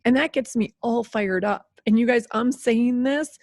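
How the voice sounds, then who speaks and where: A woman's voice: a little high, a little slow, dry recording, clean studio sound. Candid fifty-something woman podcast host. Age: 50s. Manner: candid, animated, laughs and swears freely. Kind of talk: solo podcast monologue.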